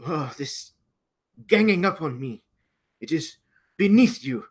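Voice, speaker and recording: A man voicing a haughty, arrogant nobleman swordsman who shouts indignant taunts in a husky voice. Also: a little high, animated, slow, exaggerated voice. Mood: outraged.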